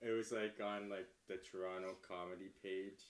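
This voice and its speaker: A man's voice: deep voice, normal speed. A man co-hosting a casual podcast, telling a story and laughing often as he goes. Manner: laughs often, animated retelling. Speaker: comedian, podcast co-host. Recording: echoey room.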